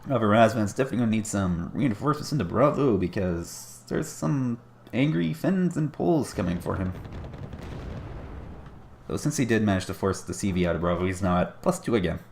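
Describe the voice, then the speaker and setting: Male caster, deep and gravelly, casual wry play-by-play for a strategy game. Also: expressive, brisk, a little mellow, slight background noise. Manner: chatty, wry, self-deprecating asides.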